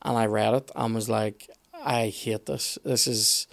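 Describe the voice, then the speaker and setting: A man chatting casually on a podcast, opinionated and animated, with some swearing. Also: fairly low pitch, unhurried, gravelly. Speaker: podcast guest expert.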